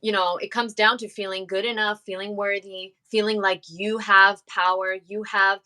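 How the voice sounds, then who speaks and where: A woman's voice: medium pitch, little pitch movement, normal speed, pushed and bright. A woman hosting an interview, talking emphatically and enthusiastically as she chimes in. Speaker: interviewer and vlog host. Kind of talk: conversational interview.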